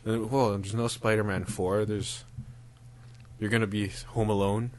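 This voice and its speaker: A man's voice: fairly low pitch, little pitch movement, a little slow, a little hiss or hum. A young man co-hosting a podcast in casual joking chat, laughing often and slipping into silly voices. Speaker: podcast co-host.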